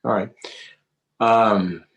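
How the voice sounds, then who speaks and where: A man's voice: fairly low pitch, steady tone, very slow, muffled recording. A middle-aged man hosting a talk show, chatting casually with his daughter, rambling a little and asking probing questions. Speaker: talk show host, psychologist. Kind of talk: casual family conversation.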